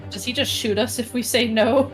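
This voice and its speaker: Casting: blunt high-voiced woman reacting to a game. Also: steady tone, moderate pace. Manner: blunt, swears, laughs. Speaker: streamer. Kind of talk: casual let's-play chat. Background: game music.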